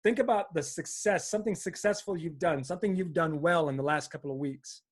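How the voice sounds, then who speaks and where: High-voiced, fired-up man coaching viewers. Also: a little fast, breathy edge. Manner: energetic, fired up, frequent "right?". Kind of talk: motivational talk to camera.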